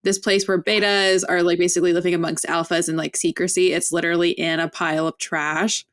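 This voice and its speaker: A woman's voice: fairly low pitch, flat delivery, brisk. A woman who is a podcast guest, retelling scenes from a book in a chatty, casual way.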